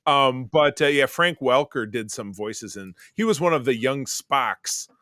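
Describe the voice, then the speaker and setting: Male podcast co-host, casual chat, lively delivery with frequent fillers, dry close sound. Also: mid-range voice, a little slow, no room sound. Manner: animated, trails off with fillers.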